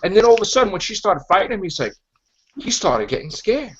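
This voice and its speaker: A man hosting a podcast in casual chat, rambling and acting out characters' lines in animated voices. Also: high-pitched, fast talker, breathy edge. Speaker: podcast host. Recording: dull lo-fi podcast audio.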